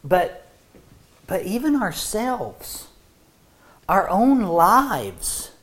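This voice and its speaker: A woman's voice: medium pitch, very animated, drawn-out words. A woman preaching a sermon to a congregation in an earnest, conversational way, often repeating words as she restarts a thought.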